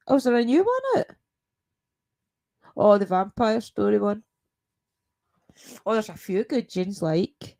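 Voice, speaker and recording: A woman's voice: a little high, sing-song, measured pace, gravelly, long pauses, a little mellow. A Scottish woman hosting a paranormal live stream from home at night, chatting casually with her viewers, laughing often and greeting them by name.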